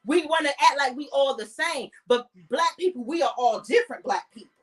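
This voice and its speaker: Hosting her podcast, a woman with an African American English accent delivers an impassioned, heated monologue, ranting bluntly and cursing freely. Her high voice is animated and brisk, slightly distant because she's a little way off the mic, with faint music behind her.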